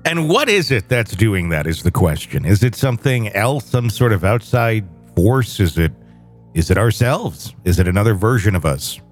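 A man hosting a podcast, his voice on the low side, hesitant as he thinks aloud. Faint music sits under him. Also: sing-song, normal speed. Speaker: podcast host. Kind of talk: casual chat.

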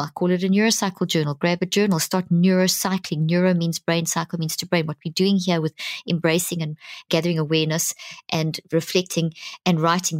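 A middle-aged woman speaks earnestly and emphatically, explaining her method as a podcast guest and often circling back to repeat a phrase. Her voice sits a little low. The sound is dry and close to the microphone. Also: no room sound. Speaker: guest psychologist.

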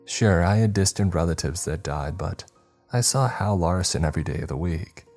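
A man with a very deep voice reads a scary story in a measured, storytelling way. Soft music runs faintly beneath his narration. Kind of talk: scripted horror story narration.

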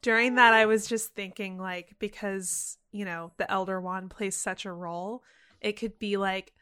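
A woman's voice: medium pitch, steady tone, normal speed, a bit bright, smooth. A woman co-hosting a podcast, chatting casually and laughing at herself. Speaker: podcast co-host.

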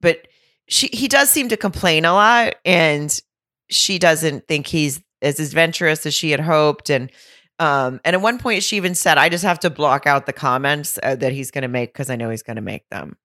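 A woman with a notably low voice talks through a reality show episode in loose, laughing chat. The sound is dry and close, with no room around it. She talks with chatty energy. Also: animated, normal speed, pushed and bright, dry recording. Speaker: podcast co-host. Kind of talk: casual reality-TV recap chat.

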